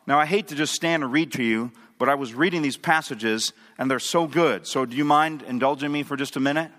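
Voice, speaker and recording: Forceful preaching man in a reverberant hall. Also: medium pitch, fairly quick, hardly any pauses. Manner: emphatic preaching with questions to the audience. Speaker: pastor. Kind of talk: sermon.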